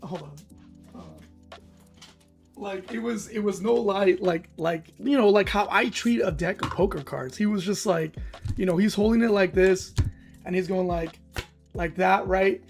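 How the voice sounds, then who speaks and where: A man's voice: high voice, measured pace, vocal fry, faint music behind. A man hosting a casual livestream chat, telling stories with acted-out quotes of other people. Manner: animated storyteller who acts out other people. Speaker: stream host.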